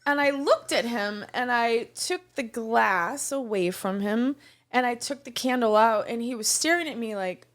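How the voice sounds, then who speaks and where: A woman co-hosting a casual podcast, telling a story in an animated way and stumbling over words now and then. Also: a little high, normal speed. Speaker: podcast co-host; restaurant server.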